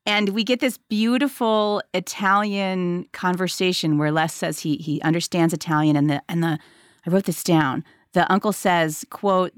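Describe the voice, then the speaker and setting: A middle-aged woman interviewing an author about his book, animated and laughing often as she talks. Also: lowish voice, normal speed, clear, resonant tone, no room sound, clean studio sound.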